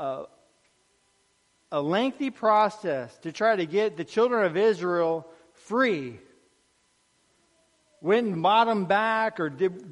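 A man preaching an earnest sermon, dropping soft on key phrases. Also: sits high, long reverb tail.

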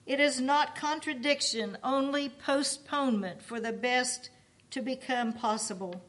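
A woman reading aloud, voicing a gentle, patient male shepherd who speaks quietly. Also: sits high, measured pace.

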